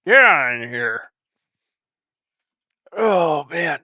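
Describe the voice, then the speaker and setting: A man's voice: fairly high pitch, animated, measured pace, sharp tone, clean tone, no echo. A man hosting a comedic skit monologue, stammering and quoting his viewers in mock voices, on a dull lo-fi recording. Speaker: host.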